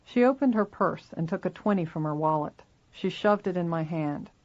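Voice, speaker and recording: A reader narrating a first-person memoir in a steady, measured way. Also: medium pitch, lo-fi sound.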